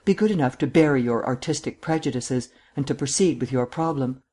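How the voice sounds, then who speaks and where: A brusque, short-tempered district attorney with little patience for games, as a male reader puts him on. He speaks in a plain, middle-pitched voice, clipped and sour. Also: fairly quick, darkish tone, natural voice. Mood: irritated. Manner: curt and irritable. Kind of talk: audiobook reading.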